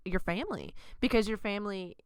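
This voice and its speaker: A woman's voice: medium pitch, fairly quick, clear, resonant tone, no echo. A young woman from Arkansas hosting a casual student podcast, rambling with fillers. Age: young adult. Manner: relaxed, rambling with many fillers. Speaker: podcast host. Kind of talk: casual chat.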